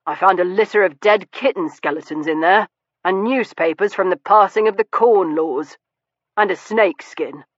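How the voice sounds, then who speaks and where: Someone playing a wry, brooding young Victorian man in an audiobook, higher-pitched than most men and laconic in his replies. The voice sits close and dry, and the recording is somewhat dull and muffled. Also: moderate pace, dry recording, natural voice. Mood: protesting. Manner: dry, laconic, turning wistful. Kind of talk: audiobook character dialogue.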